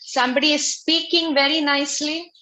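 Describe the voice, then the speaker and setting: A woman giving a religious class over a video call, explaining slowly and patiently, often repeating her phrases. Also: high voice, steady tone, bright, forceful tone, a little hiss or hum, poor audio. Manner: slow, repetitive, patient explaining. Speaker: spiritual teacher.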